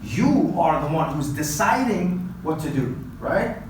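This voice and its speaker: A man from Uzbekistan whose first language is Uzbek, giving an animated motivational talk to students that is full of repetitions and questions like "right?". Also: a little high, a little slow. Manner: animated, repeats himself, keeps asking "right?". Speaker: guest presenter at a language academy. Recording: heavy echo, far from mic, faint noise.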